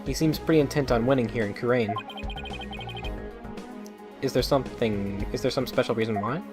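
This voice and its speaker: A man's voice: mid-range voice, moderate pace. Casual man reading game dialogue. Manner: casual, stumbles over words, swears, jokes. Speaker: let's play host. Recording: game music under the voice.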